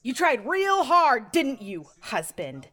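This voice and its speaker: An actress playing a pregnant young wife who speaks to her husband with sharp contempt. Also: high voice, big pitch swings, slow, full character voice. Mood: scornful.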